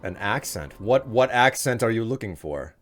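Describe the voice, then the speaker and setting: Streaming a video game live, a man jokes around and chats casually with his viewers. His fairly low voice is expressive and moderately paced, with soft music playing in the background.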